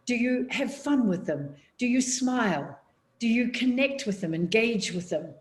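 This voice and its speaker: A woman with a New Zealand accent, a public speaking coach giving an online workshop from her home office over a video call, talking in a measured, emphatic way with deliberate pauses. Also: a little high, expressive. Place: home office, seated on a chair.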